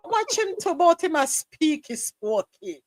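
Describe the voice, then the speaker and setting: A woman's voice: sits high, sing-song, a little slow, dry recording. A woman with a Jamaican accent chatting casually and animatedly, laughing as she imitates ways of speaking. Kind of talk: casual chat.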